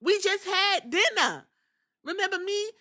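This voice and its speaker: A woman voicing a hurt female backstage interviewer who pleads in a high, drawn-out voice. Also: expressive, bright, forceful tone, full character voice. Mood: pleading.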